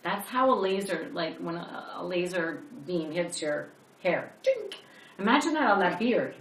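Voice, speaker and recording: A woman with a bright, sharp voice tells a story in a casual chat. She acts out what people said and laughs often. The sound is echoey, with the mic some way off. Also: fairly low pitch, lively intonation, normal speed. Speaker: co-host. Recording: echoey room, mic at a distance.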